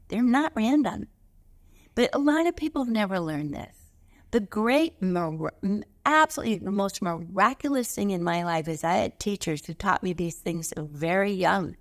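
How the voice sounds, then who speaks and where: A woman giving a motivational spiritual talk, telling stories animatedly and lifting her voice on key points. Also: medium pitch. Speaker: spiritual teacher.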